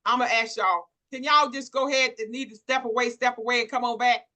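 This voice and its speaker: A woman hosts a virtual workshop with exuberant, preacher-like energy. Her voice is bright and forceful, and she hypes the audience with churchy call-and-response. It sounds like a video call. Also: on the high side, fairly even intonation, a little fast. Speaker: workshop host. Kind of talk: lively church-inflected hosting.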